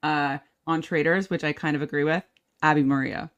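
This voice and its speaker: A woman hosting an interview in casual chat, agreeable and quick with her questions. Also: low-pitched, fairly even intonation, muffled recording. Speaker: host.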